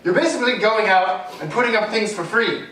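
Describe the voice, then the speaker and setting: Guest spot: high-voiced man, self-deprecating rambler, distant mic in an echoey room. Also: fairly quick, pushed and bright. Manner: self-deprecating, wanders off on tangents. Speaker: street artist guest. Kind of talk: rambling interview chat.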